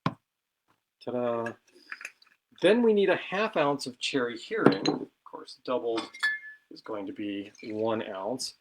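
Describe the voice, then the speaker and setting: A man's voice: mid-range voice, unhurried, heavy background noise. A man hosting a casual cocktail show from his home bar, chatty and self-deprecating as he talks through each step while mixing.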